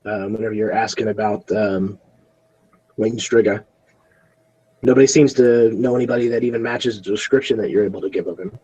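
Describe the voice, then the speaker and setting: A man with a husky voice, narrating a tabletop game as game master in a relaxed way with many fillers. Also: on the low side, fairly quick, poor audio.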